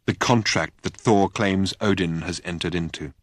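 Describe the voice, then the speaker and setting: A man's voice: low-pitched, moderate pace, no echo. A man voicing a gloomy, taciturn old male god who talks in terse, clipped phrases. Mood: grim.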